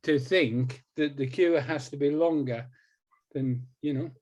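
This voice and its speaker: A man's voice: fairly high pitch, unhurried, a little mellow. A man in his sixties, a hypnotist guest in a conversational interview, talking emphatically and repeating words for stress.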